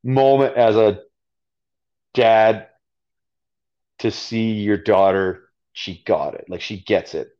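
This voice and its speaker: A man's voice: fairly low pitch, fairly even intonation, slow pace, pauses often. A man with a Canadian accent, a podcast guest telling a story casually, full of fillers. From Alberta, Canada. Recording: dull lo-fi audio.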